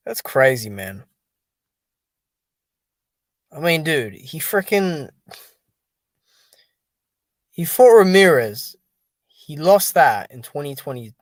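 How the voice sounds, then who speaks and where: A man's voice: a little high, sing-song, takes it slowly, long pauses, no room sound. A man hosting a casual solo commentary on boxing and MMA, talking to his viewers in an exasperated, dismissive way and leaning on fillers like "dude" and "man". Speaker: boxing commentary channel host.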